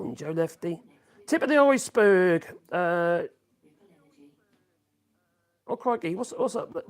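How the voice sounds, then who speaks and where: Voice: mid-range voice, darkish tone. A live-streamer rambling casually while reading out chat messages, humming and chuckling between thoughts, speaking into a phone in a home workshop. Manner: rambling, hums to self, frequent chuckles.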